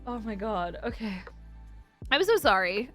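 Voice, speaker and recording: A woman's voice: medium pitch, sing-song, unhurried, a bit bright, soft background music. A woman streamer chatting casually with her audience, emotional and close to tears, laughing often as she reads chat aloud. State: teary, close to crying.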